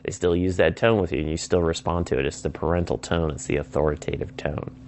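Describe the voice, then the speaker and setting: A man with a fairly low voice explains sales persuasion in a relaxed teaching style. He keeps breaking off to act out sample phone calls, switching voices for each side. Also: quick pace, slight background noise. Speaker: sales trainer. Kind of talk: instructional talk.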